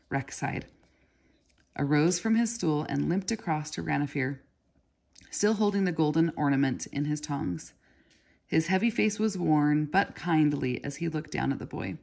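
Low, creaky woman reading a novel aloud. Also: measured pace, darkish tone. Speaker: reader.

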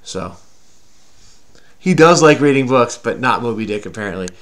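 A man with a medium-pitched, expressive voice talks at a normal speed. He's hosting a relaxed crossword session with a child, playfully teasing and patiently walking through the clues.

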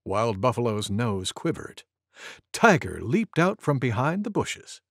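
Animated gravelly children's story narrator. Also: mid-range voice, no room sound, studio quality. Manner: animated, slow, for toddlers.

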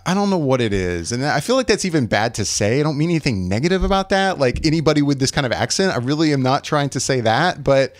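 A man's voice: mid-range voice, animated, fast, few pauses, dry recording, clean studio sound. A man who grew up in the American South, co-hosting a film podcast in casual, hesitant chat with frequent laughs. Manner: hesitant, rambling, laughs often. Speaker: podcast co-host.

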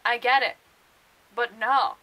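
A young woman rambling through casual book vlog commentary, full of fillers and quick laughs. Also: a little high, steady tone, pushed and bright, poor audio. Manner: chatty and rambling, many fillers, laughs often. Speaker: book vlogger.

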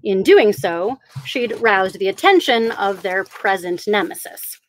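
A woman author reading aloud from her own novel in an expressive, theatrical way. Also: mid-range voice, a little slow, slight background noise. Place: home during lockdown, live stream.

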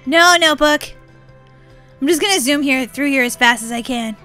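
A woman giving excited gameplay commentary as a channel host, squealing, laughing and crying out in bursts of panic. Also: sits high, moderate pace, faint music behind. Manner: squealing, laughing, breathless exclamations.

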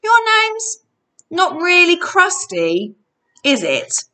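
A woman's voice: extremely high pitch, wildly swooping pitch, takes it slowly, pushed and bright, voice pushed up, full character voice. Woman voicing a wary teenage boy hero.

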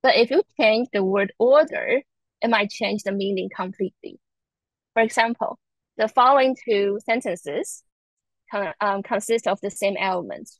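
A woman from Taiwan with a Taiwanese Mandarin accent, a native Mandarin speaker giving a language lesson and slowly repeating example words. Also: medium pitch, dry recording, rough recording. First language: Mandarin Chinese. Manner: slow, careful repetition of example words. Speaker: Chinese language instructor.

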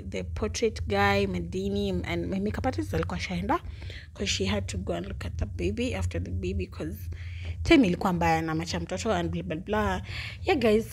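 A young woman with a Kenyan accent chatting casually in a vlog, bubbly and quick to laugh, switching between English and Swahili. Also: mid-range voice, darkish tone, a little hiss or hum. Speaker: vlogger.

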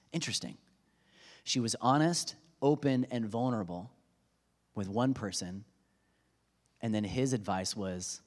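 A man's voice: on the low side, animated, moderate pace, a little mellow. A pastor in his thirties giving a sermon in a church sanctuary, conversational and self-deprecating, often acting out quotes with humor. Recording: long reverb of a church hall.

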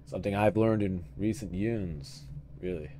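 A man's voice: low-pitched, normal speed, warm tone, slight background noise. A man hosting a let's-play, giving casual, profane, joking commentary and talking to his viewers as he plays. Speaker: gaming channel host.

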